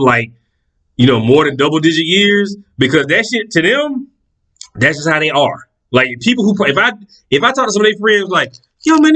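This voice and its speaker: Speaking at a fairly high pitch, this man delivers a relaxed, profane story, lively throughout and voicing the characters as he goes. The audio quality is rough.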